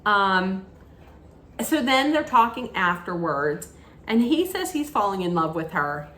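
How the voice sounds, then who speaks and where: Woman, casual recap chatter, gushing, frequent ums, mid-pitched, echoey room. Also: sing-song, measured pace, a bit bright. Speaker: TV recap vlogger.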